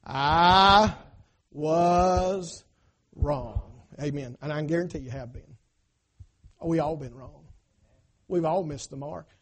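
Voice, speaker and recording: Male pastor, high tenor for a man, emphatic call-and-response preaching. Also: normal speed, pauses often, slightly rough. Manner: emphatic, swinging between loud cries and hushed asides, call-and-response. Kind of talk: sermon. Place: church.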